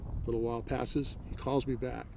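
A man's voice: medium pitch, level tone, brisk, creaky, background noise. A middle-aged man from Maine casually telling the story of his encounter in an interview, in a plain-spoken way that keeps repeating "he goes" and "I said.". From Maine, United States. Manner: plain-spoken, retells exchanges with lots of "he goes" and "I said". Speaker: interviewee recounting a police encounter.

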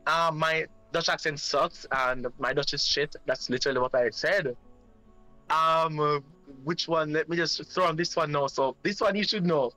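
Bright-voiced Jamaican man chatting casually. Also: fairly high pitch, normal speed, soft background music, low-quality recording. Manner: hesitant, many ums while searching for words. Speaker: podcast guest. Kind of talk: casual chat, switching through several languages.

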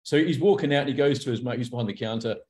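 A man speaks as an interview guest, open and unguarded. He tells his stories with animation and slips into the voices of the people he describes. His voice sits at an ordinary middle pitch for a man. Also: racing. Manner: animated storyteller, acts out quoted characters. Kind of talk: candid conversational interview.

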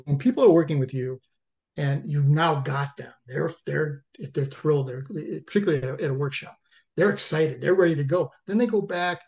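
A man hosting a podcast, asking a guest questions in a halting way that often restarts phrases. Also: a little high, a little mellow. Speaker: podcast host. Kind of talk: interview questions.

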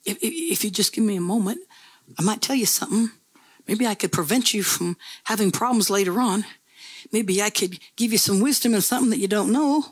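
A woman preacher voicing God as a patient fatherly figure who gently pleads to be heard. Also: mid-range voice, fairly quick, breathy edge, no room sound, close to an everyday voice. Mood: pleading.

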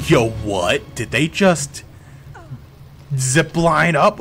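A young man streaming a game, chatting excitedly, yelling at characters and swearing when things go wrong. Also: on the high side, drawn-out words, pauses often, soft background music. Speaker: gaming streamer. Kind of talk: live gameplay commentary.

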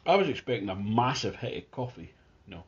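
A man giving a casual, chatty beer tasting review at home, describing the beer in relaxed detail. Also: lowish voice, a little fast, lo-fi sound. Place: at home near his Christmas tree.

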